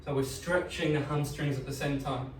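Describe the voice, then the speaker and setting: This fitness coach has a mid-range voice with fairly steady intonation and a moderate pace as he leads a leg session indoors at home. He's relaxed and supportive, getting out of breath toward the end. A distant mic picks up an echoey room with light background noise.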